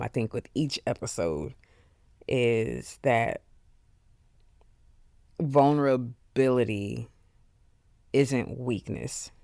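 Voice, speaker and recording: A podcast host speaking alone in an earnest, heartfelt way, with many pauses and fillers, openly emotional. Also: mid-range voice, gravelly, a little mellow, dry recording, clean studio sound. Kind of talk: solo reflective podcast monologue.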